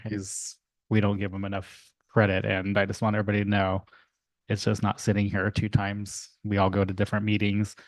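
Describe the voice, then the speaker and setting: A man's voice: fairly low pitch, creaky, no echo. A man chairing a city council meeting as mayor, speaking emotionally and rambling with many fillers, at a desk microphone in a council chamber.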